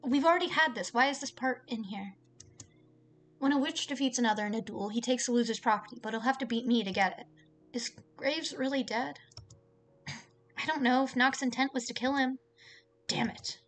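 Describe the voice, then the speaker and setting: A woman's voice: high-pitched, moderate pace, long pauses, fairly bright tone, a little hiss or hum. A young woman streaming herself playing a visual novel at home. She reads the game text aloud and breaks off into chatty, exasperated asides.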